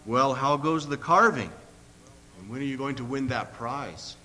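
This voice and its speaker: A man reading the lines of a kind, frank old man who speaks gently and steadily, in a long-echoing hall with a faint hum. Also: medium pitch, expressive, measured pace. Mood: gentle.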